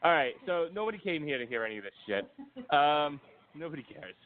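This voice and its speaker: A man's voice: fairly high pitch, big pitch swings, a little fast. Man hosting a lo-fi podcast. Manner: joking, profane, mimics others in quotes. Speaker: podcast host. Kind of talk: casual podcast chat. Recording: phone-like band, faint noise.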